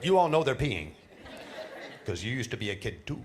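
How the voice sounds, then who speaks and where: Animated middle-aged male stand-up comedian. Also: mid-range voice, normal speed, crowd noise, noisy background. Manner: animated storytelling with laughs and put-on voices. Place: cruise ship show lounge.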